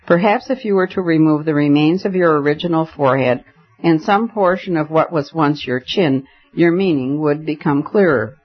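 A man doing a firm, restrained gentleman. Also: on the high side, normal speed, lightly acted. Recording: dull lo-fi audiobook recording.

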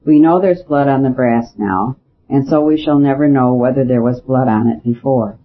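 A man reading the part of a quiet, shrewd little old priest in a storybook, in a measured voice. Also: medium pitch, natural voice. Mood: calm, quiet. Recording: dull lo-fi with faint hiss.

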